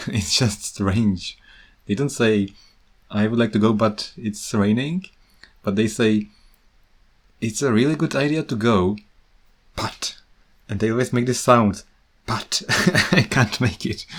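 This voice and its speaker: A Czech man hosting a podcast, talking casually and with amusement about teaching English, laughing often. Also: fairly low pitch. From Czech Republic. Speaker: podcast host.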